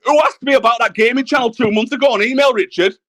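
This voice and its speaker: A high-pitched man venting in a furious, expletive-laden rant. He talks over everyone on a livestream panel, hammering home the same points. His voice stays pinched and high throughout the quarrel. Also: fast talker, a bit bright. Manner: angry, ranting, swearing constantly. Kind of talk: heated argument on a livestream panel.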